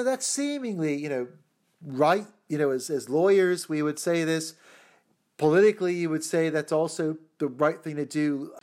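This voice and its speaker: A man answering interview questions in a lively, thinking-aloud way, with lots of fillers and restarts, sometimes putting on other voices to quote them. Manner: animated, mock-quoting other voices with pitch jumps. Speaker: interview guest.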